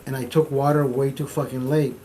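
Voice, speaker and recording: A middle-aged man hosting a stream, telling a story in casual, profane, animated talk, repeating phrases for emphasis. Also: medium pitch, a little fast, soft background music. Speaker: streamer host.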